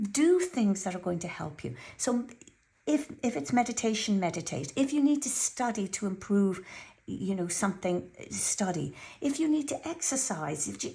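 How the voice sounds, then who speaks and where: A woman with a warm, gravelly, mid-range voice gives an earnest and chatty weekly tarot reading. She also tells a personal story, often repeating herself.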